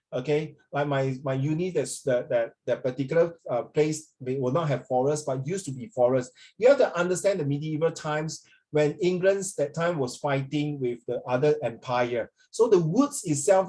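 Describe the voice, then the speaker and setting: A man's voice: on the high side, a little mellow. A man teaching an English class, rambling in a lecture, often checking in with students and slipping Mandarin phrases into his talk.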